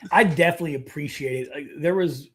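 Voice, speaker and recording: A male podcast host with a somewhat high voice speaks to his guest in a blunt, casual way. He talks with enthusiasm and swears freely, in the tone of a veterans' chat. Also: quick pace, a loud crowd.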